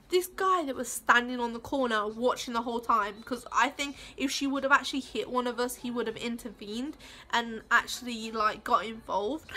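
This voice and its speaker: A woman's voice: fairly high pitch, sharp tone. A woman vlogging in a casual, heated rant, rambling with lots of swearing and fillers. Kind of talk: casual ranting vlog.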